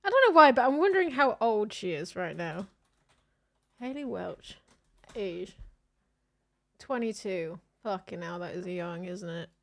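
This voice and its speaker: A woman's voice: mid-range voice, lively intonation, a little slow, gravelly, long pauses. A woman, chatting casually and offhandedly as a streamer reacting to videos. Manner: musing, offhand. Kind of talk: casual chat.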